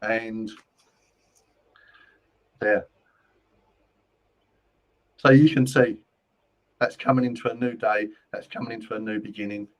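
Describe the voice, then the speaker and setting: A man's voice: fairly low pitch, little pitch movement, slow pace, long pauses, rough recording. A man who hosts a live stream and gives psychic readings, rambling and repeating his phrases. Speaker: spiritual medium and host.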